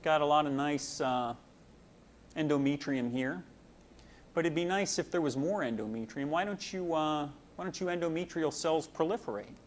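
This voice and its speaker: A man's voice: a little high, moderate pace, a little hiss or hum, close to an everyday voice. A man voicing estrogen as a friendly, folksy figure talking the uterus into growing. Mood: coaxing.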